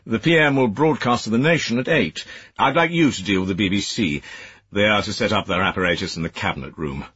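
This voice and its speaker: A man's voice: lowish voice, fairly quick, a bit bright, husky, no room sound, highs cut off, pitched above the performer's own voice. A man voicing a stern older former soldier, a senior private secretary who speaks in clipped, commanding, disapproving tones.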